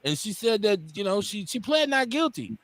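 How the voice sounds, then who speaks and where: A man's voice: sits high, a little fast, dry recording. A man in his forties from Milwaukee, hosting a casual talk radio show, blunt and profane, acting out the people in his stories. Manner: animated storyteller, acts out quotes.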